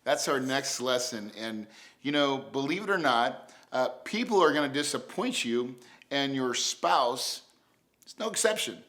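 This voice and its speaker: A man's voice: mid-range voice, animated, unhurried, fairly bright tone. A man co-hosting a marriage lesson with his wife, playful and joking as he teaches. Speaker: co-host of a marriage course. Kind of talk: casual teaching chat.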